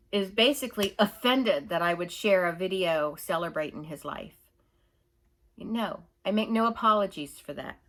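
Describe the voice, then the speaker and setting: A woman's voice: medium pitch, fairly bright tone. A middle-aged woman ranting indignantly in her own opinion vlog, emphatic and repetitive. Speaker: YouTuber.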